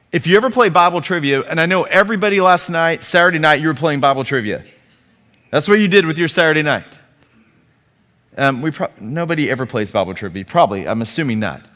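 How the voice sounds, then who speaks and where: A man's voice: medium pitch, fairly bright tone, in a large hall. A man preaching a sermon as pastor, talking conversationally with rhetorical questions and calls for the congregation to answer. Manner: conversational, rhetorical questions, audience call-and-response.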